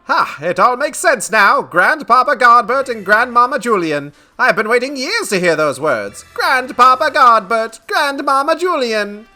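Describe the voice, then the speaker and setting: A giddy old nobleman squeals and exclaims in a high, bright, swooping voice, as a man puts him on for a game. He sounds overjoyed and breathless with excitement. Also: measured pace, few pauses, faint music behind, exaggerated voice. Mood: elated. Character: excitable elderly nobleman, delighted father.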